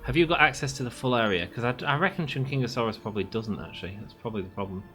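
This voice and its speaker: A man's voice: medium pitch, very fast, sharp tone, soft background music. A young man giving casual gameplay commentary, chatting to the animals on screen and to his viewers. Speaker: gaming channel host.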